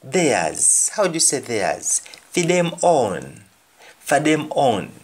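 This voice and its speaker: A man with a Jamaican accent teaching a language lesson, repeating each phrase slowly and then translating it. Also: medium pitch, very animated, breathy edge. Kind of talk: slow spoken language lesson.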